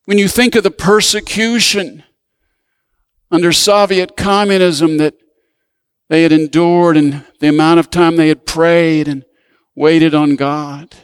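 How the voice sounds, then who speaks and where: A man preaching a sermon and telling a story, swinging from raised, emphatic lines down to hushed asides. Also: fairly high pitch, fairly even intonation, measured pace, clear, resonant tone, no room sound.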